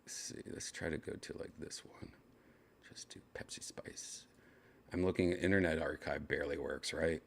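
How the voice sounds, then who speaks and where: A man's voice: extremely low pitch, steady tone, fairly quick, creaky, few pauses, slight background noise. A man hosting a show, telling a rambling, laid-back story full of restarts. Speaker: podcast host. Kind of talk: casual storytelling.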